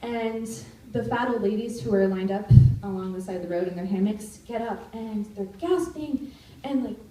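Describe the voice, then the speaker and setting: A young woman in her twenties telling a personal story at a live storytelling event, animated and now and then shouting out quoted lines. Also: medium pitch, moderate pace, a little hiss or hum. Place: stage in a live venue. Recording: roomy live recording from far off.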